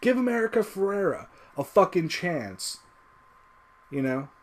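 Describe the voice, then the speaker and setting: A man ranting casually to his audience, swearing constantly, heated and emphatic. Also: measured pace. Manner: profane, heated, lively swings in pitch. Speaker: video creator. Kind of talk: casual rant to camera.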